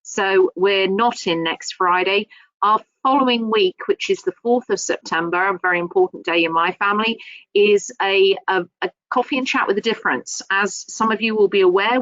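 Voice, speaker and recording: A woman hosting a webinar, hesitant with many pauses and effusive in her thanks. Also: medium pitch, a bit bright, no echo, lo-fi sound. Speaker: webinar host.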